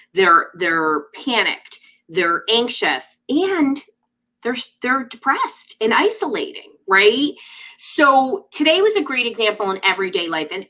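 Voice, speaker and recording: A middle-aged woman in lively casual conversation, often adding "right?" and "you know". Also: mid-range voice, poor audio. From United States. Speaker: guest speaker on parenting and mental health.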